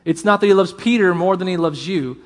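A pastor preaching a sermon, earnest and emphatic, often dropping to a hush. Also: male voice, sits high, a little fast.

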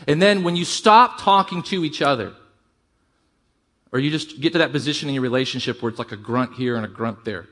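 A middle-aged man delivers a sermon in a fairly high voice. He preaches conversationally, with rising emphasis and quick asides. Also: fairly bright tone. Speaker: pastor.

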